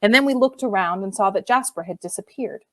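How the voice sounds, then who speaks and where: A woman narrating a novel in the first person, measured and expressive. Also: medium pitch. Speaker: audiobook reader.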